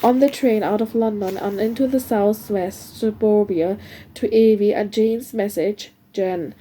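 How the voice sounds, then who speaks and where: A woman's voice: medium pitch, steady tone, measured pace, warm tone, breathy edge. A woman reading a novel aloud in a casual, unpolished way, stumbling and restarting now and then, recorded at home. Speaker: reader.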